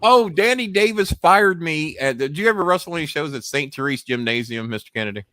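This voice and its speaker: A man hosting a show, telling a profane, animated story and acting out the yelling voices. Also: fairly high pitch, a little fast, dry recording, studio quality. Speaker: host. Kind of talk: casual storytelling chat.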